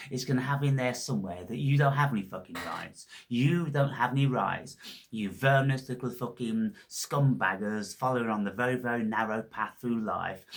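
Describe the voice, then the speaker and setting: A man hosting his own channel, ranting in a scornful, heavily profane monologue. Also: medium pitch. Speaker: channel host.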